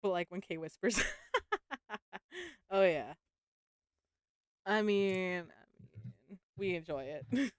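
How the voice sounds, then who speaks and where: A woman with a lowish, clear and resonant voice reads a novel aloud on a live stream from home, speaking slowly with long pauses. The sound is clean studio quality with no echo, and she banters with her audience, laughing often and swearing casually.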